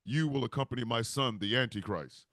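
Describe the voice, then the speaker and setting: A man voicing a devil, the father of the Antichrist, who gives solemn commands and shouts. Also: medium pitch, a little fast, no room sound, clean studio sound, pitched below the performer's own voice, lightly acted. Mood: commanding.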